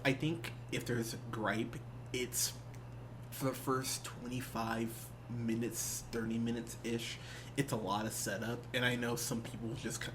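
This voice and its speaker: A man co-hosting a casual movie review podcast, talking in a loose, joking way and often restarting his sentences. His voice sits at a middle pitch, with faint background noise behind him. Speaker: podcast co-host.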